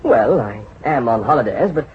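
An actor playing a cautious young bank clerk in a vintage radio drama, hesitant and polite, also narrating. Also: male voice, medium pitch, animated, normal speed, background noise, lightly acted. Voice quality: hesitant, polite, full of ums and uhs. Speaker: narrator and hero. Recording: dull old radio drama recording.

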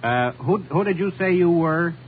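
A man's voice: a little high, animated, moderate pace. A man doing bumbling, boastful comedy patter in a 1930s radio comedy dialogue. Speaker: comedy double act partner. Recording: tinny old radio broadcast with faint hiss.

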